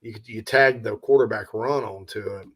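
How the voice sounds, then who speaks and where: A man's voice: fairly low pitch, normal speed, slightly rough. A man from South Carolina hosting a casual sports talk show, joking and reading out audience comments. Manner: joking, chatty, reads out audience questions.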